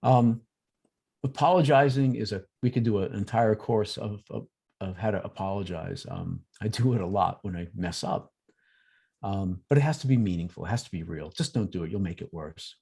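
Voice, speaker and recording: Man with a gravelly, husky voice. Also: lowish voice, normal speed. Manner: lively, acts out examples in quoted voices. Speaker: workshop presenter on emotional intelligence. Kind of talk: conversational workshop talk. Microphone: video call.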